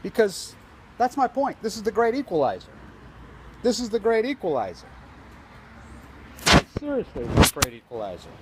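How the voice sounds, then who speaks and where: An agitated man rants into a handheld camera outdoors at a street protest, his voice sitting a little high for a man. He rambles from point to point with a conspiratorial edge, and faint traffic hums behind him. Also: huge pitch swings, moderate pace, long pauses. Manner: agitated, conspiratorial, tells stories with quoted dialogue. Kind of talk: self-filmed protest vlog, rambling commentary. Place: outdoors on a street outside an office building.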